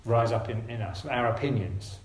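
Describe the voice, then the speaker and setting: A man preaching a sermon to his congregation, earnest and gentle, urging his listeners with repeated phrases. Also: mid-range voice, moderate pace, echoey room, poor audio.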